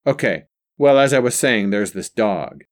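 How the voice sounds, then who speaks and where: A man's voice: fairly low pitch, lively intonation, moderate pace, close to an everyday voice. A man voicing a hesitant grown son coaxing his father for a favor. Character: eager adult son, pleading, hesitant.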